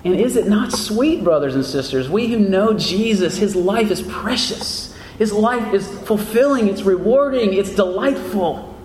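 Male pastor, high voice, earnest sermon delivery, rhetorical questions, long hall reverb. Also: lively intonation, unhurried, a little mellow, a little hiss or hum. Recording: echoey hall with faint ambience.

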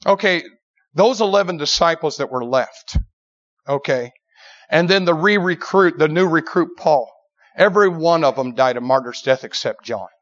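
A middle-aged man preaching in an animated, emphatic storytelling style, often repeating words as he builds a story. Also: on the high side. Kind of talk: storytelling sermon. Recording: dull lo-fi sermon recording.

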